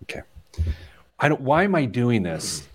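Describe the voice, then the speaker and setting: This personal finance podcast host, a man in his forties, has a husky, medium-pitched voice and talks at normal speed. His casual chat features animated stories, lots of laughter, and frequent tangents.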